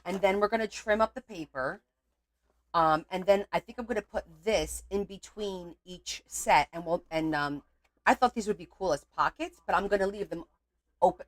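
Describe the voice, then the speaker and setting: Lowish voiced woman rambling casually at her craft table, gets exasperated fast. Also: fairly bright tone, no echo. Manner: chatty, exasperated outbursts at her cat. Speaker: crafting channel host.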